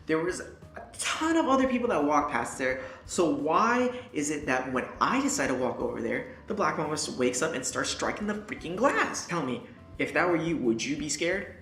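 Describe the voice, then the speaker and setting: A young adult woman vlogger telling a story in an animated, casual way, swearing and talking straight to the viewer. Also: deep voice, normal speed, faint music behind. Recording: echoey room.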